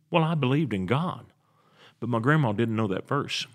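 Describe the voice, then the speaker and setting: A man preaching a sermon, slow and emphatic, asking rhetorical questions. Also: medium pitch, lively intonation.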